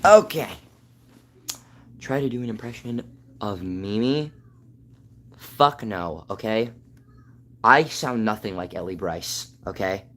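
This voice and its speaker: A man's voice: lowish voice, unhurried, long pauses, a bit bright, a little hiss or hum. A man, a voice actor streaming live from home, chatting casually with his viewers. He jokes and stammers while reading chat aloud.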